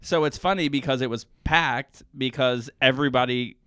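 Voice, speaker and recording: A man's voice: mid-range voice, normal speed, bright, forceful tone, clean tone, dry recording. Man, podcast co-host, casual chat, giggly, rambling, dry sound. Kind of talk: casual chat about TV shows.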